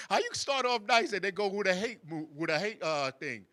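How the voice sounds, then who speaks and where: Male host, casual banter, animated with mock voices, dry room. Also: high-pitched, brisk, few pauses, dry recording. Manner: animated, mocks backhanded compliments in sing-song voices, laughs often. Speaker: show host. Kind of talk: casual chat.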